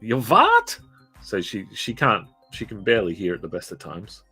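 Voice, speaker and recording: A man's voice: deep voice, a little fast, bright, forceful tone, husky, soft background music. A man streaming live while he draws, telling a rambling, self-deprecating story full of fillers. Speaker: streamer and artist.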